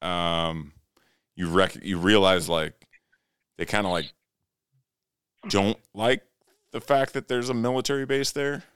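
A man's voice: sits low, measured pace, pauses often, fairly bright tone, clear, resonant tone, no room sound, clean studio sound. A man co-hosting a casual podcast, telling a rambling, profane bar story with plenty of laughs. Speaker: podcast co-host.

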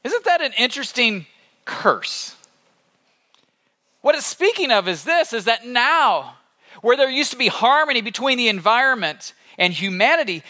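A male pastor preaching a sermon in an animated, conversational storytelling manner. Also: high-pitched.

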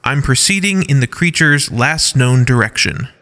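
A man voicing a calm male pilot in a spacesuit, speaking in a clipped, procedural way. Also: medium pitch, normal speed, big-room sound. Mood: businesslike.

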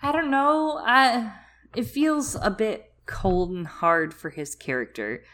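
A woman's voice: fairly high pitch, takes it slowly, a bit bright. A young woman co-hosting a podcast, chatting animatedly about a book with lots of filler words. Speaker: podcast co-host. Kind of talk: casual book discussion.

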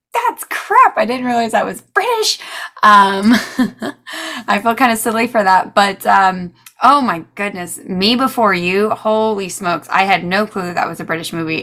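Animated female podcast co-host from the US, exclamatory, laughs a lot, mid-range voice. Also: mid-range voice, measured pace. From United States. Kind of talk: casual chat.

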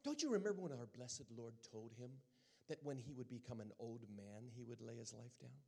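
A man's voice: mid-range voice, expressive, moderate pace, vocal fry, darkish tone, husky. A man voicing a small, elderly British missionary woman who fervently calls her listeners dear brother. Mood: earnest.

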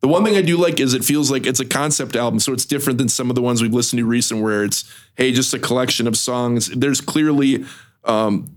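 A man's voice: medium pitch, fairly quick. A man giving his view in casual podcast chat, rambling a little with hesitations. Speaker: podcast co-host.

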